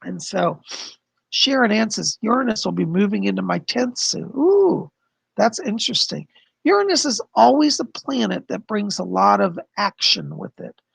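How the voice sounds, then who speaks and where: A man hosting a casual livestream astrology forecast, chatty and explanatory, hoarse as he loses his voice. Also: high-pitched, expressive, normal speed, fairly bright tone, no echo. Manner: chatty, explains with frequent "okay?" and "you know". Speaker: psychic astrologer host.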